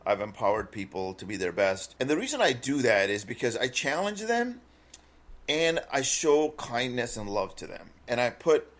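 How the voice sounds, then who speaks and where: A man who grew up in Minnesota, co-hosting a podcast and telling a personal story in an earnest, halting way with many fillers. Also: fairly low pitch, fairly bright tone. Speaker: podcast co-host. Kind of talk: casual podcast chat.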